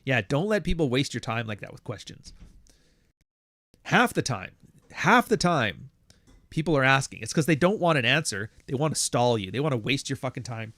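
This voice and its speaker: A man's voice: mid-range voice, sing-song, moderate pace, fairly bright tone, dry recording. A man hosting a casual livestream, reading super chats and answering in a blunt, profane, rambling way. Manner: blunt, profane, rambling, acts out other people's voices. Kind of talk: casual live-stream talk.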